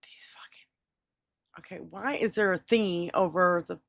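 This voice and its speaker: A woman's voice: lowish voice, fairly quick, gravelly, a bit bright, no room sound, clean studio sound. A woman co-hosting a podcast who gushes, giggles and swears casually. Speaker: podcast co-host.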